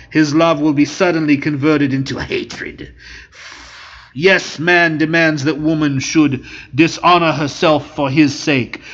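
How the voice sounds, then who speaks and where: A man narrating an old novel aloud in a stately, declamatory manner. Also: a little high. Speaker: audiobook narrator. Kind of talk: scripted narration of a Victorian novel. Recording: muffled lo-fi home recording.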